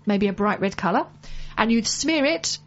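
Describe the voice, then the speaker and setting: Woman, radio host, casual chat, from the UK, slightly high voice, dull recording. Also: animated, normal speed. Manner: chatty, reminds listeners of events. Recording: muffled lo-fi broadcast audio.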